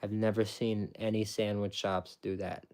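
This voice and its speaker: Low-voiced man explaining, repeating himself. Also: little pitch movement, moderate pace, darkish tone, smooth. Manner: repetitive, restarts often, emphatic; explains step by step. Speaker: former sandwich shop worker. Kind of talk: casual explanation.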